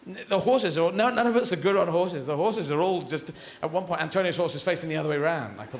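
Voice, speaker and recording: A man's voice: a little high, fast, few pauses. A man doing stand-up comedy on stage, talking animatedly and jumping between voices. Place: large theatre stage. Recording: echoey live theatre recording.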